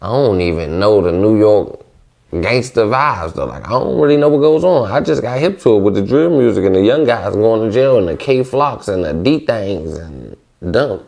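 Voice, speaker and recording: Low gravelly-voiced young D.C.-man. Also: very animated, moderate pace, a little mellow. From Washington D.C. area. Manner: loose, rambling, heavy on slang. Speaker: vlogger. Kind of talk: casual monologue.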